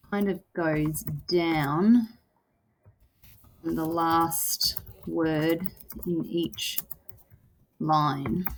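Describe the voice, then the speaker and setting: A woman teacher walking through a lesson, thinking aloud with lots of "kinda" and "um". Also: on the low side. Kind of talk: recorded lesson walkthrough.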